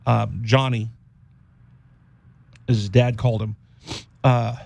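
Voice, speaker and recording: A man hosting a radio show, speaking in a halting, heartfelt monologue, often repeating words and close to tears. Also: medium pitch, little pitch movement, vocal fry, darkish tone. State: teary-eyed. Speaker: radio host.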